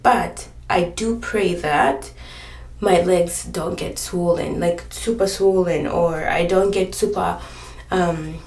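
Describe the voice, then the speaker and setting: A woman's voice: on the low side, takes it slowly, darkish tone. A pregnant woman chatting on her home vlog, tired and earnest, rambling through her thoughts. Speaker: vlogger sharing her pregnancy journey. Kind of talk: casual vlog chat. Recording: roomy echo, a bit off-mic.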